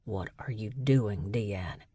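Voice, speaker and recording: A woman voicing a gruff young man who speaks low and restrained in an audiobook. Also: slow, mellow, dry recording, exaggerated voice. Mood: quiet warning.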